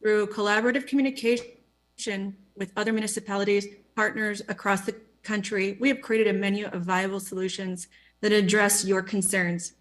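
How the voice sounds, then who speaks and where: A woman reads a prepared statement at a council meeting in a measured, formal way. Her voice sits at a middle pitch, and she sticks closely to her notes. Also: level tone, fairly bright tone. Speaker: business representative giving public comment.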